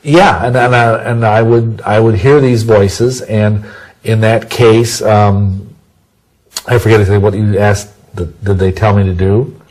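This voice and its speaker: A man's voice: lowish voice, fairly even intonation, unhurried, a little mellow, rough recording. A man giving an interview, talking in a rambling, conversational way with many restarts and homely sayings. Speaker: interview guest.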